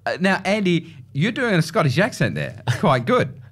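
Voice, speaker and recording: A man's voice: high-pitched, very animated, moderate pace, fairly bright tone, husky. A man hosting a casual radio chat, chatty and knowledgeable, often agreeing with "yeah, yeah". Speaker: radio host.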